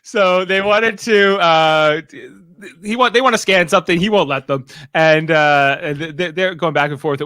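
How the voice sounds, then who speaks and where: A man's voice: fairly high pitch, moderate pace, sharp tone, no room sound. A man hosting a podcast, recapping a TV episode in casual chat, rambling with lots of fillers and restarts. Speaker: podcast host.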